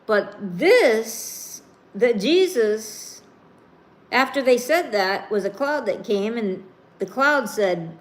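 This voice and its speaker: A woman preaches slowly and emphatically, moving between scripture reading and casual asides. Her voice sits a little high, and she leans hard on key words. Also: animated. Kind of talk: sermon with scripture reading and commentary.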